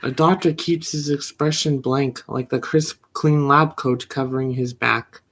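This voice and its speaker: Hushed, measured poetry reading. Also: medium pitch, steady tone. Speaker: poet.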